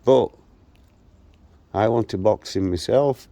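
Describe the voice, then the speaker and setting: Taking it slowly in a low, dark voice with vocal fry, a 63-year-old vlogger walks outdoors and recounts a local confrontation to camera. He's blunt and combative throughout, and there is no room sound.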